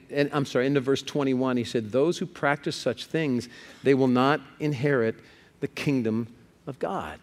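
Lively male preacher mid-sermon. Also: a little high. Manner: lively, repeats words when stuck, asks the crowd questions.

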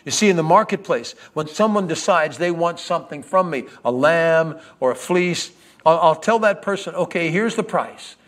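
An actor playing an earnest, grieving first-century lamb merchant in a dramatic first-person monologue, swinging from loud proclamation to hushed whispers. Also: male voice, on the high side, expressive, normal speed. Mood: animated. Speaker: actor in a Bible character monologue.

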